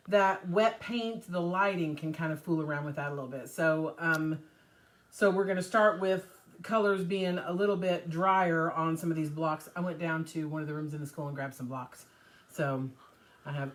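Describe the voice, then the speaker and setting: A middle-aged woman hosting a casual live stream, chatty and upbeat, a little hoarse while getting over an illness. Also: deep voice. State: recovering from covid, slightly hoarse. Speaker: host of a live paint demo.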